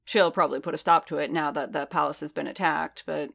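A woman voicing a weary, guarded male warrior who talks haltingly and corrects himself. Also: deep voice, fairly even intonation, vocal fry, fairly bright tone, heavily acted. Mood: hesitant. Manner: hesitant, halting, self-correcting.

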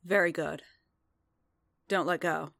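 A woman voicing a commanding male warrior in a storybook reading, low and rich, firm yet soft. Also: fairly even intonation, slow pace, vocal fry, no room sound, clean studio sound, exaggerated voice. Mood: soft, praising.

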